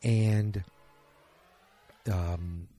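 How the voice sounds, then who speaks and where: A man's voice: low voice, steady tone, very slow, dark tone. A man hosting a casual solo podcast, recapping an episode in a rambling, self-correcting way. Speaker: podcast host.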